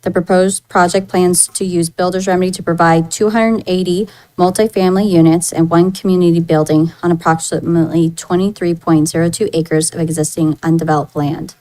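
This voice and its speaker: A woman's voice: on the low side, flat delivery, a little fast, few pauses, dark tone, poor audio. A woman principal planner presenting application details at a public meeting in a businesslike way, with small fillers. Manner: businesslike, reading figures with fillers. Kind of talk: staff report at public meeting.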